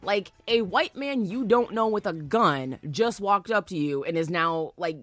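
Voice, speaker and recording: A woman co-hosting a reaction show, talking in a casual, profane way. Her voice moves a lot in pitch as she reacts with disbelief. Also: unhurried, no room sound, soft background music. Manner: expressive, profane, incredulous. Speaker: co-host.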